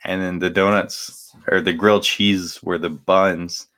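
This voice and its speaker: A young man with a very deep voice talks through his week on a podcast. He rambles loosely, circling back with fillers and restarts. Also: flat delivery, unhurried, fairly bright tone. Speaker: podcast co-host. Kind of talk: casual chat.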